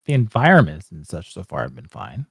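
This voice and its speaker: A man's voice: deep voice, big pitch swings, fairly quick, vocal fry, husky, dry recording, studio quality. A man co-hosting a casual reaction chat, blunt and wry in a laid-back way. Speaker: co-host reacting to a trailer.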